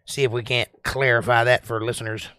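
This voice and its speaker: Drawling and joking, a Southern-accented livestream host from Georgia reads viewer comments and wanders off on tangents. The mid-range voice comes across flat and brisk, pushed and bright yet smooth, with no echo.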